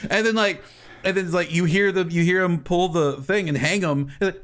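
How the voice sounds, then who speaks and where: A man co-hosting a casual podcast through a headset, rambling and swearing, often trailing off quietly. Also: sits high, moderate pace, background noise. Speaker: podcast co-host. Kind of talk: casual chat.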